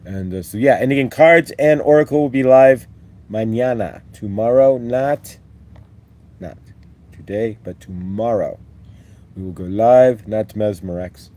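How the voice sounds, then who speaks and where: A man's voice: medium pitch, unhurried, darkish tone. A man hosting a live-stream spiritual talk, rambling and upbeat as he leads repeat-after-me affirmations. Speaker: host.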